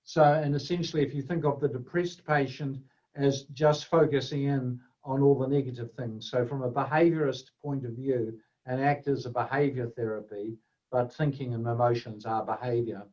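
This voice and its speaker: A man gives a webinar talk in a middle-pitched, conversational voice. He stops and restarts often and scatters fillers through his sentences. The audio is dull and lo-fi. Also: steady tone, moderate pace, warm tone. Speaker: webinar presenter, doctor. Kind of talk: webinar lecture.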